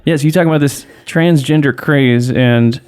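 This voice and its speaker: A man's voice: mid-range voice, normal speed, darkish tone, a little hiss or hum. Rambling, chuckling male podcast host. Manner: rambling, chuckling, loose phrasing. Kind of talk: casual podcast chat.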